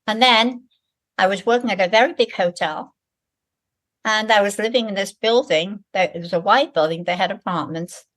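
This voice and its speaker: A woman in her eighties from England, a podcast guest telling her life story in a lively way. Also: medium pitch, moderate pace. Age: 80s. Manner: lively storyteller, acts out quoted people. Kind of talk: casual interview.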